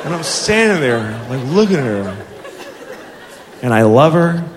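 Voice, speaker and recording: Forties guy doing stand-up, cursing and fed up, high lively voice, crowd laughing and noisy. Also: unhurried, long reverb tail. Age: 40s. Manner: exasperated, profane storytelling. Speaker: stand-up comedian. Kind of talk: stand-up comedy. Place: comedy club stage. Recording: live audience laughter, noisy club.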